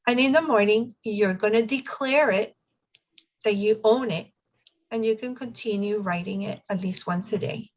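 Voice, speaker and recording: A woman life coach teaching an online class from home over a video call. She explains each step patiently and checks that the group is following, in a mid-pitched voice. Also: normal speed, poor audio. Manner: coaching, encouraging, checks understanding.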